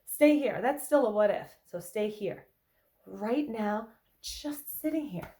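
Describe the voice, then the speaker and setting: A woman's voice: mid-range voice, animated, slow pace, dark tone. Woman therapist in casual conversational talk. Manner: conversational, checks in with "okay?" and "right?"; acts out anxious inner thoughts in quotes. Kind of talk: casual explanatory talk to viewers.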